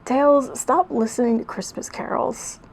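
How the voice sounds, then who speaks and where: A woman's voice: high-pitched, measured pace, gravelly, heavily acted. A woman voicing a laid-back, cocky young male hedgehog hero while reading her old fan fiction aloud.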